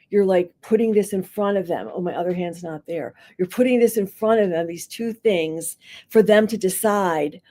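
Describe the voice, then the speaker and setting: Her voice is mid-range and her pace moderate. This middle-aged school psychologist, a guest on a podcast, talks through counseling techniques and brings her anecdotes to life by performing the quoted voices in an animated storytelling style.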